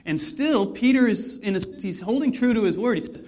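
A man's voice: high-pitched, expressive, fairly quick, hardly any pauses, darkish tone. A man preaching a sermon, retelling a story in a conversational way with asides. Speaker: pastor.

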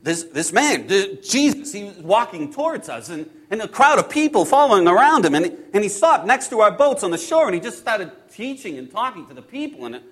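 A man playing Peter, a hot-tempered fisherman, telling his story in the first person with halting, repeated words, hushed one moment and loud and exasperated the next. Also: high-pitched, very animated, heavily acted. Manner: swings between hushed awe and loud exasperation. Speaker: actor in a first-person biblical monologue.

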